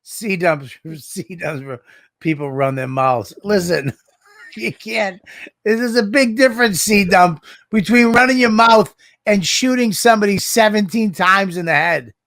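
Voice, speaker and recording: A man co-hosting a podcast in casual chat, excitable and reacting with disbelief. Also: sits high, unhurried, no room sound, studio quality. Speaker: podcast co-host.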